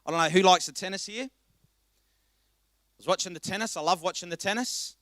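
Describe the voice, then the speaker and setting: A male pastor preaching a passionate sermon, swinging between quiet reflection and loud exhortation. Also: sits high, normal speed, dry recording, studio quality. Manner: impassioned, rising to loud exhortation.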